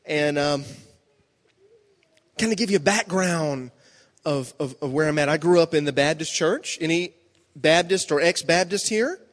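A middle-aged man preaching a sermon with jokes, animated storytelling that acts out voices, speaking to a congregation in a large hall. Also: moderate pace, pauses often. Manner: animated storytelling, acting out voices with big pitch jumps. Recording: live hall reverb.

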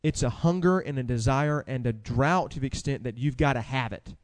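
A man preaching a sermon with animated delivery, asking the congregation questions and reading scripture aloud. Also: medium pitch, fairly quick, long reverb tail.

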